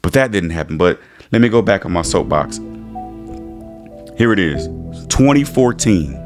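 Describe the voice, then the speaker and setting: Stammering, animated male sports vlogger. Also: sits low, normal speed, over music. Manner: animated, stammering restarts, dramatic retelling. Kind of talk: emotional fan monologue.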